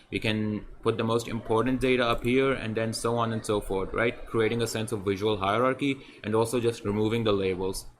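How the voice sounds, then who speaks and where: A man's voice: fairly low pitch, slight background noise. A man teaching web design while walking through a website on screen, talking in a conversational way that repeats points and keeps adding "right?". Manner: conversational, repetitive, often adds "right?". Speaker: design tutor. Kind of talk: screen-share tutorial.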